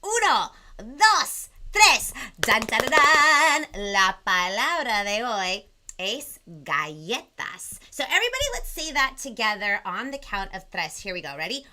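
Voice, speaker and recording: A woman's voice: medium pitch, big pitch swings, a little slow, pushed and bright. A woman hosting a live bilingual children's show, bubbly, counting along and mixing in Spanish words. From Southern California. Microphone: video call.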